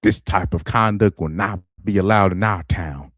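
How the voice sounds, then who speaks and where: Brief: a man playing a blustering Southern-accented small-town lawman, low and drawling, close and dry. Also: normal speed, fairly bright tone, dry recording. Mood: mocking. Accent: Southern US (put on). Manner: drawling, mocking.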